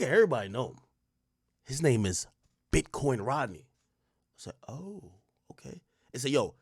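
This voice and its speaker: Animated slangy man telling a story. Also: on the high side, vocal fry, husky, dry recording, clean studio sound. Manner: animated, swings between loud bursts and muttered asides; slangy, profane street talk. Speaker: streamer host. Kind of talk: casual storytelling monologue.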